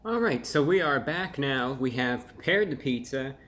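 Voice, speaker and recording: A man's voice: mid-range voice, expressive, moderate pace, a bit bright, a little hiss or hum. Rambling man reviewing frozen food. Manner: rambling, self-deprecating, with restarts and playful asides. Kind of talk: casual product review.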